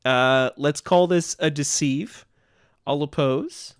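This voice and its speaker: A man narrating a tabletop role-playing game as game master, relaxed and hesitant. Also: fairly high pitch, slow pace, clear, resonant tone, no room sound, studio quality.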